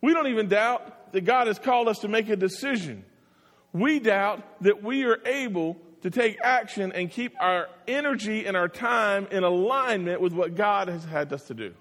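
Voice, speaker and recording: High-voiced preacher with a drawl. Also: male voice, normal speed. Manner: animated storytelling, acts out voices. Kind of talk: sermon. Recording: long hall reverb.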